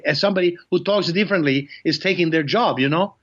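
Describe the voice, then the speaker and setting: An older man, a comedian guest, telling stories in an animated way and slipping into impressions in casual chat. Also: high-pitched, fast talker. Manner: animated storyteller, slips in impressions. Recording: muffled lo-fi sound.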